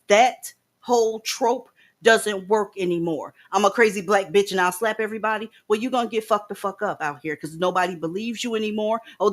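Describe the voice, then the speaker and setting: A woman hosting a commentary show speaks bluntly, lecturing her audience. Her voice sits at a middle pitch, and she drops in profanity freely. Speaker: commentary host. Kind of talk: casual commentary.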